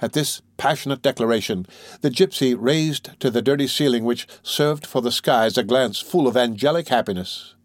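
A man's voice: mid-range voice, normal speed, no room sound. Man narrating a classic novel. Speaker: audiobook narrator. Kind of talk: classic novel read aloud.

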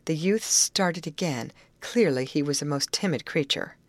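A woman reading a classic novel aloud in a measured narrating style, lifting her voice for the characters' lines. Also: low voice, expressive, dry recording. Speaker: audiobook reader. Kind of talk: scripted narration.

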